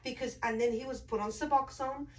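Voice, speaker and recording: Animated woman telling a story, off-mic. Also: sits high, fairly quick, far from the mic, slight background noise, poor audio. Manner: animated storyteller, acts out quoted voices. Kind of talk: casual chat.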